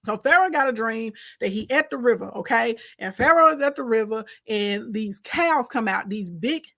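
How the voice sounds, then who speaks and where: Animated, slangy woman telling a story. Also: on the high side, normal speed, dry recording. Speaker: host retelling a Bible story. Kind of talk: casual storytelling.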